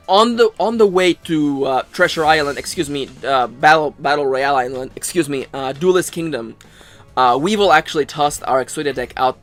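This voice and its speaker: A man's voice: on the high side, fairly bright tone. Sarcastic guy rambling over a game, swears a lot, trips on words, faint game music behind. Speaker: gaming channel host. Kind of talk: casual let's play commentary.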